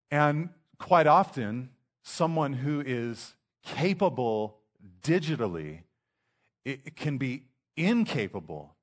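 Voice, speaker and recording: A man preaching a sermon in a casual, conversational way, often restarting his sentences. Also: mid-range voice. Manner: conversational preaching with frequent restarts and acted asides. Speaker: pastor.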